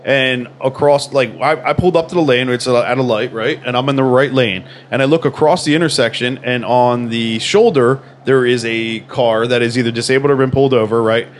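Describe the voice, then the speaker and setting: A man's voice: medium pitch, brisk, hardly any pauses, a little hiss or hum. A man in casual chat, telling a rambling, profane story full of fillers.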